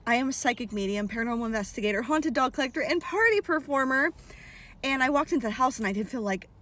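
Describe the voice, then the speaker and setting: Excited higher-voiced woman telling a story. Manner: excited, acts out the child's voice. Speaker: party performer and psychic medium. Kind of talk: casual storytelling to camera.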